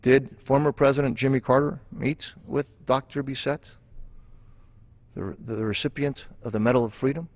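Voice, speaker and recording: A man's voice: mid-range voice, fairly even intonation, moderate pace, dull audio. Emphatic man giving a floor speech. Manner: emphatic, repeats phrases for stress. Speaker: member of Congress. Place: legislative chamber.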